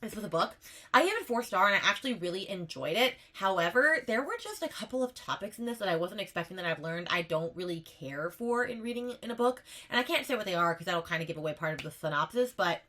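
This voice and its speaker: A woman talks fast in a casual book vlog, ranking her reads. Her voice is bright and forward, and she gushes with emphatic repeats and a running "okay?" at the end of her points. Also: mid-range voice, expressive, slight background noise. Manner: gushing, emphatic, tags lines with "okay?". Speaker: book vlogger. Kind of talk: casual tier-ranking chat.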